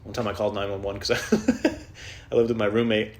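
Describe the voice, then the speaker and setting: With a flat delivery at a slightly fast pace, a male stand-up comedian rambles through comic stories on his solo podcast from home. He's profane, mocks himself, speaks off the cuff, and adopts high, loud put-on voices to quote people.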